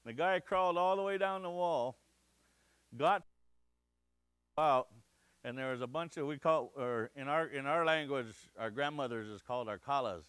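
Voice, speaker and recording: A middle-aged man from the Crow Nation in Montana tells a story to a lecture audience, acting out the shouts and the lines of the people in it. His voice is bright and crisp, with a smooth clarity. The sound is dry and close. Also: mid-range voice, normal speed, long pauses, no room sound. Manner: animated storyteller, acts out shouts and quotes. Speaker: guest lecturer. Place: lecture hall.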